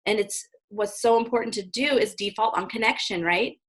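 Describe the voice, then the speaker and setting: Brief: woman guest, earnest, long explanations, mid-range pitch, casual interview talk. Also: normal speed, fairly bright tone. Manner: earnest, explains at length, often adds "right?". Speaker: parenting guest.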